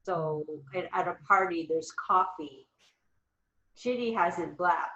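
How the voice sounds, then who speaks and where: Slow-talking chatty woman in an echoey room. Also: on the low side, fairly bright tone, highs cut off. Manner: chatty, rambling, upbeat. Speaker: host of a live wellness chat. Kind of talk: casual chat. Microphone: video call.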